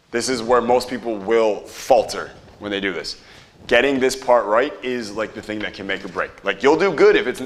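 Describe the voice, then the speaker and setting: Casual low-voiced seminar presenter man. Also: a bit bright. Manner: casual, profane, asks audience to repeat after him. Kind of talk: live seminar teaching. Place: seminar room with live audience.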